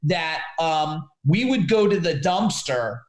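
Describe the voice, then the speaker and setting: Animated high-voiced man in a roomy space. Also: slow pace. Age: 40s. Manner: animated storyteller, addresses the host by name. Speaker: business coach guest. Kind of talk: casual podcast interview storytelling. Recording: roomy echo.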